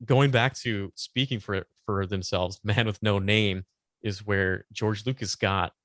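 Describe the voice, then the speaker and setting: A man's voice: lowish voice, steady tone, measured pace, fairly bright tone, no echo, studio quality. A man co-hosting a podcast, talking casually and rambling, often stopping to search for words and laughing along. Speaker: podcast co-host. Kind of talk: casual chat.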